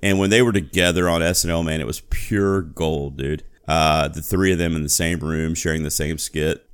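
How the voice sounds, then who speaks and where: Deep-voiced, laid-back male podcaster. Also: fairly even intonation, moderate pace, smooth. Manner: laid-back, laughs often, says "man" and "dude". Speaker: podcast co-host. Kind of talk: casual chat.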